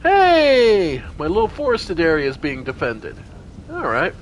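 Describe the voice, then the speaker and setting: A man's voice: fairly high pitch, moderate pace, a little hiss or hum. A man streaming a strategy role-playing game, talking casually through each party member's turn as he plays. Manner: talks through party turns aloud, animated exclamations. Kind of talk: casual gameplay commentary.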